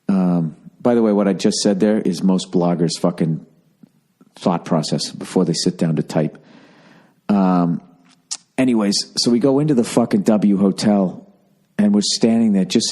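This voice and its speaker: A man's voice: on the low side, moderate pace, darkish tone. Profane rambling Boston man telling stories. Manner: profane, rambling, sarcastic storytelling. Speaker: podcast host. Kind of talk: casual comedic storytelling.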